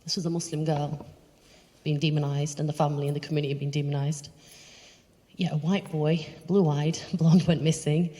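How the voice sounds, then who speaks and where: Low-voiced woman speaker telling personal stories with lively acted-out voices, recorded live in a reverberant hall. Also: normal speed. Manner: animated storyteller, acts out others' voices. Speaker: charity chief executive giving a talk. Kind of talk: personal talk to an audience. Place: event hall, walking around away from the podium.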